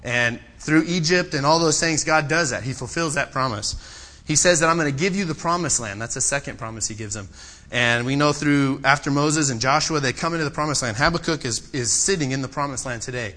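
A man preaching a sermon, swinging between loud, impassioned pleading and quiet, personal storytelling. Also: fairly quick. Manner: impassioned, rising to loud pleading then dropping low and personal.

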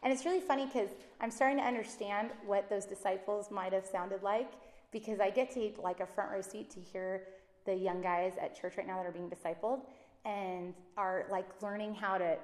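A woman teaches from the Bible in a relaxed, conversational way, slipping into quick acted voices for the people she quotes. Her voice sits at an ordinary middle pitch. The room around her gives a noticeable echo. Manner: chatty and animated, acts out quotes with rising pitch. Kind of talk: casual devotional teaching.

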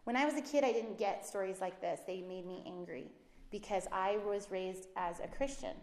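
An animated woman in her thirties preaches in a chatty, storytelling way. Her voice sits at a middle pitch and carries a roomy echo. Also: moderate pace. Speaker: women's ministry speaker. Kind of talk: sermon. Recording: echoey room.

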